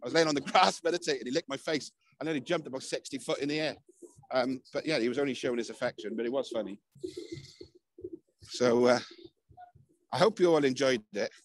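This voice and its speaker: Gentle, thankful man outdoors. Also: mid-range voice, brisk, long pauses, no room sound, low-quality recording. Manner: gentle, thankful, rambling with fillers. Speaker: spiritual circle leader hosting a live stream. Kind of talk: casual live-stream chat. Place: outdoors on a hilltop at night.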